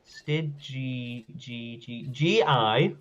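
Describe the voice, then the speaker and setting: A man, a community manager, chatting casually on a game stream, animated and laughing often as he spells. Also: mid-range voice, drawn-out words, lo-fi sound. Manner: animated, laughs often, exclaims loudly when wrong.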